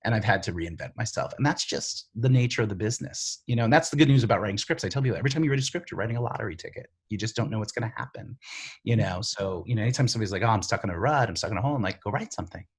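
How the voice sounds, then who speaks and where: A man's voice: on the low side, rapid-fire, husky. A middle-aged man from the Bronx, a TV writer and showrunner, telling his career story in a candid, rambling interview full of fillers. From the Bronx, New York. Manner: animated, rambling, filler-heavy.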